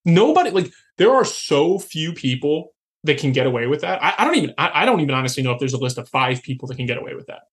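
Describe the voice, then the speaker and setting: A man's voice: a little high, very animated, quick pace. Chatty male sports podcast host. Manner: chatty, frequent fillers and restarts. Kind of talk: casual sports chat.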